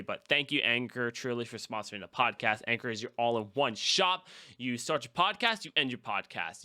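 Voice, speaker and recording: A man's voice: medium pitch, bright, forceful tone. A young man hosting a casual podcast, enthusiastically plugging his channels and sponsor with frequent fillers. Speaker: podcast host. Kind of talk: casual podcast chat and self-promotion.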